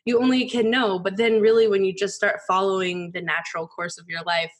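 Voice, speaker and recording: A woman in her thirties, a poker journalist as guest, telling candid stories in a casual, animated way with many "like" fillers. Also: mid-range voice, brisk. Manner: animated, frequent "like" fillers, mimics voices in quotes. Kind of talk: candid conversational storytelling.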